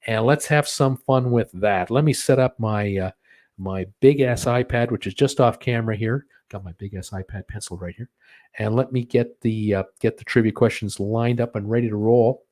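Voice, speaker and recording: A man's voice: fairly low pitch, moderate pace, darkish tone. A man hosting a live-stream trivia show, reading viewer comments in a chatty way, full of "uh" fillers and chuckling at his own jokes. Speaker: host of a live cruise news and trivia stream.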